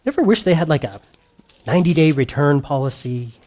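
A man's voice: fairly high pitch, brisk. A middle-aged man leading a humorous church parenting session for a live audience, telling stories and acting out his own outbursts. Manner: animated storyteller, acts out his own outbursts loudly. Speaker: parenting seminar speaker.

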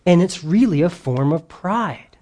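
Male pastor, sermon delivery: emphatic and earnest with light asides, a fairly high voice for a man. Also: lively intonation, a little slow, warm tone.

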